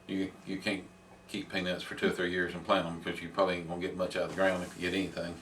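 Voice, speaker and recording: An older homesteader with a drawl, speaking plainly and without hurry. His voice sits very low and stays level, with little rise and fall. He sounds a little away from the mic, with a faint hiss behind him. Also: flat delivery, fairly bright tone. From Middle Tennessee. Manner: plainspoken, unhurried explaining. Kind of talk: casual chat. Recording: distant mic with faint background noise.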